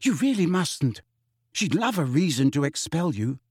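A man's voice: on the high side, sing-song, normal speed, darkish tone, slightly rough, no echo, studio quality, pitched above the performer's own voice. A man voicing an earnest, anxious teenage girl who pleads urgently.

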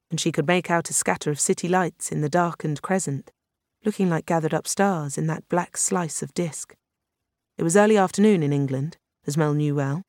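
An audiobook narrator reading a science fiction novel in a steady, even storytelling manner. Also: mid-range voice, no room sound, studio quality.

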